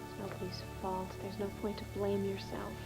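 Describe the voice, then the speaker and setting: An actress playing a patient older sister in a soap opera, calm and earnest. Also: female voice, mid-range voice, moderate pace, loud music behind the voice, natural voice, rough recording.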